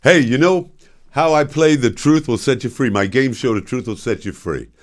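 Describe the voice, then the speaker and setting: A man's voice: medium pitch, moderate pace. An older man hosting his own show, telling stories casually, laughing often and acting out voices from his stories. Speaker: show host. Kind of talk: casual storytelling monologue.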